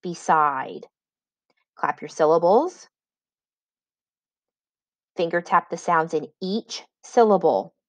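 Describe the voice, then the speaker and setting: In a children's spelling lesson, a female reading teacher reads out each word slowly and clearly and offers example sentences. She has a fairly low voice with lively intonation, and there is no echo.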